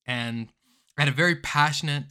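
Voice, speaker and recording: A man co-hosting a casual podcast, animated and dramatic, prone to rants and outbursts. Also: a little high, brisk, smooth. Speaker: podcast co-host.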